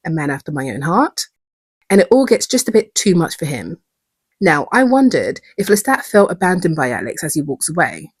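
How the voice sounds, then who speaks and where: Woman doing a calm show breakdown, husky voice, lively pitch, dry close sound. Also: dry recording. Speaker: video essay host. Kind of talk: scripted episode breakdown.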